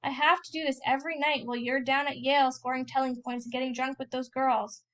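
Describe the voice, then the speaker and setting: A woman voicing a young farm boy who is nosy, pleading and quick to call things sins, as she reads a novel aloud. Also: sits high, flat delivery, fairly bright tone. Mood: eager.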